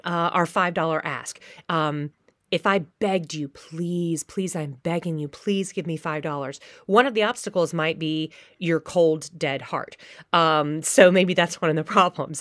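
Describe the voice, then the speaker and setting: A woman with a lowish voice teaches acting in a recorded lecture, and she slips into short acted-out pleas and threats to show each point. The sound is dry and close, with no room echo. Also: fairly bright tone. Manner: acts out short quoted pleas and threats as examples. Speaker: theater teacher.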